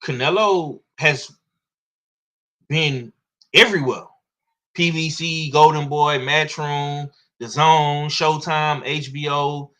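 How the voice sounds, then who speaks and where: A man with a Southern US accent talks boxing in loose, profane slang. His voice is bright and lively, rising and falling freely as he makes his points. He sounds blunt and opinionated. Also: high-pitched. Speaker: boxing commentator. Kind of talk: casual sports commentary.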